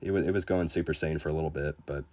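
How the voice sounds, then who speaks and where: A man's voice: a bass voice, steady tone, racing, darkish tone. A man hosting a casual game livestream, reading viewer comments aloud in a laid-back, joking way with frequent restarts. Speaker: gaming livestreamer.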